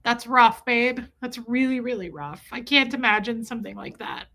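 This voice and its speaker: A woman's voice: on the high side, moderate pace, gravelly, sharp tone. A middle-aged woman hosting a livestream, talking candidly and with emotion while answering her chat. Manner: emotional, candid, talks straight to chat viewers. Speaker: livestream host reading chat.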